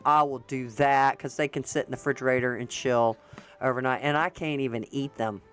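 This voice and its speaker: Chatty, smooth-voiced woman vlogger. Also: very deep voice, steady tone, a little fast. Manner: chatty and rambling, with slang and frequent laughs. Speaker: political commentary vlogger. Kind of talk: casual chat to viewers.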